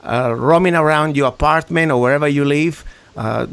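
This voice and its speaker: A man's voice: a little high, moderate pace, vocal fry, fairly bright tone, smooth, no room sound. A man with an Italian accent hosting a radio talk show, ranting emphatically in broken English. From Italy.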